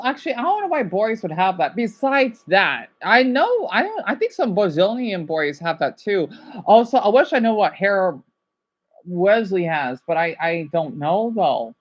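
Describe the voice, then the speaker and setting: A woman's voice: fairly high pitch, lo-fi sound. A woman hosting a livestream, chatting casually with viewers and calling them by name as she reacts to a video. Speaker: livestream host.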